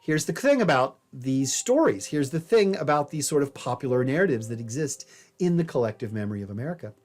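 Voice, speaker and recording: A man's voice: mid-range voice, lively intonation, a little fast, a little mellow. A man giving a recorded history lecture as a professor, conversational and wry, telling stories along the way. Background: faint jazz piano.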